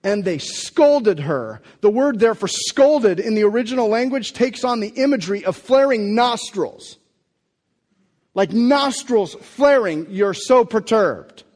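A man's voice: high-pitched, expressive, a little slow, darkish tone. Man preaching in an echoing hall. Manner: conversational preaching with rhetorical questions and restarts. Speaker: pastor. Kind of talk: sermon.

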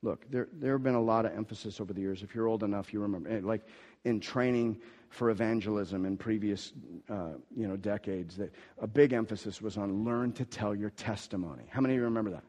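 A man preaching a sermon as pastor, swinging from quiet asides to loud, emphatic declarations and repeating key phrases. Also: lowish voice, a little fast, in a large hall.

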